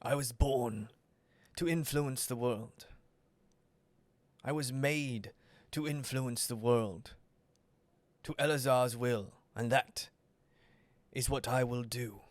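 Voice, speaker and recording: A man plays a calm male demon overlord in a tabletop game. He speaks quietly and coldly at a slow, unhurried pace, in a dry, close sound. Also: dry recording, lightly acted. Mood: coldly menacing. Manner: low, quiet, measured and cold.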